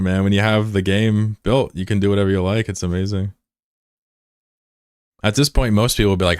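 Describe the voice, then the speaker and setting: Game dev streamer, male, low resonant voice; flips from yelling to grumbling. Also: a little fast, no room sound, clean studio sound. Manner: excitable, swings from loud shouting to muttered frustration. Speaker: game developer streaming his own game. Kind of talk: casual livestream chat.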